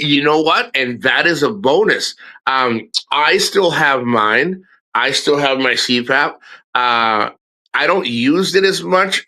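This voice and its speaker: A man's voice: medium pitch, bright, forceful tone. A middle-aged man streaming live, talking casually and candidly, swearing and restarting his sentences often. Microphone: streaming microphone.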